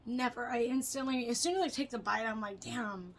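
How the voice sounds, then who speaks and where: A young woman chatting casually to her camera, rambling and swearing, her voice swinging between loud and soft as she jumps between topics. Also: a little high, fast, low-quality recording. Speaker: vlogger.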